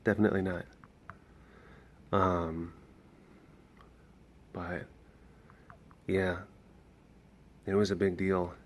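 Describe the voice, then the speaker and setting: A young man with a somewhat low voice talks through updates in a loose, rambling vlog manner. He restarts sentences often and leans on fillers as he explains things to his viewers. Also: flat delivery, very slow, pauses often, a little hiss or hum. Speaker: animal sanctuary caretaker. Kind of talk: casual vlog talk.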